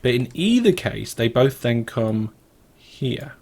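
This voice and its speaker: British guy doing casual game commentary, mid pitch, rambles and thinks out loud. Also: sing-song, slow pace, creaky. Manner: thinks aloud, wandering and chatty. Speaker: let's play host.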